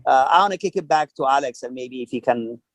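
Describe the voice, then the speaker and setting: A man's voice: medium pitch, quick pace, fairly bright tone, no room sound, poor audio. A man coaching on a small-business program panel, talking in a rambling, hesitant way full of fillers. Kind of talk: online panel discussion.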